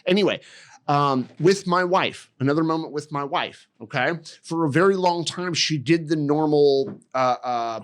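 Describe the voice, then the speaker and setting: A man talking on a podcast, his voice sitting a bit high for a man. He swears constantly and rants with animated energy. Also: normal speed. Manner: heavy swearing, animated ranting. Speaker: podcast guest. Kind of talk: casual chat.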